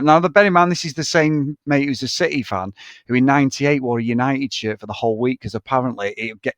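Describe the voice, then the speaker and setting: A man's voice: mid-range voice, no room sound. A man, co-hosting a casual film podcast and telling sweary, laughing anecdotes. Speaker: podcast co-host.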